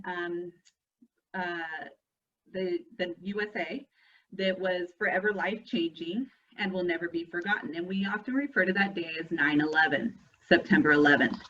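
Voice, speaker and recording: A woman hosting a virtual school assembly, talking playfully and warmly to children. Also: medium pitch, moderate pace, far from the mic, highs cut off. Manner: animated, playful, talks to children. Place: school room, indoors.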